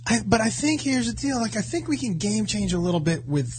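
Radio co-host, male, teasing banter, high and very animated. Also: a little hiss or hum. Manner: playful, teasing, quick to laugh.

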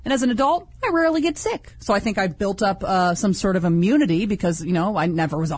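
A woman co-hosting a radio show, chatting casually and acting out voices as she tells a story. Her voice is soft and breathy, and it sounds close and dry in the studio. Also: mid-range voice, fast talker, few pauses, no echo. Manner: animated storyteller who acts out voices. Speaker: radio co-host. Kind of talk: casual on-air banter.

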